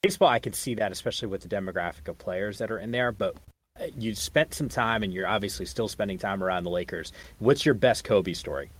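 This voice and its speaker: Low, husky male podcast host. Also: fast talker. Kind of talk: casual interview.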